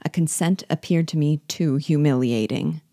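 A woman reading a classic novel aloud in a steady storytelling manner. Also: sits low, normal speed, no room sound, clean studio sound. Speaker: audiobook reader. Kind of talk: measured literary reading.

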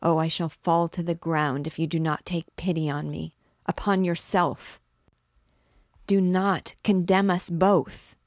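A woman's voice: on the low side, fairly even intonation, unhurried, no echo, studio quality. A woman reading aloud, voicing an anguished male priest who pleads with desperate passion. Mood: pleading. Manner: pleading, impassioned, breaking into whispers.

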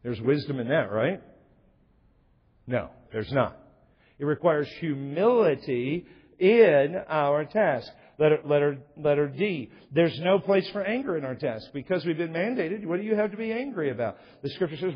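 A man's voice: fairly high pitch, lively intonation, moderate pace, husky. A middle-aged male pastor preaching a sermon in a church, emphatic, asking rhetorical questions and quoting scripture. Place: church sanctuary. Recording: lo-fi echoey church recording.

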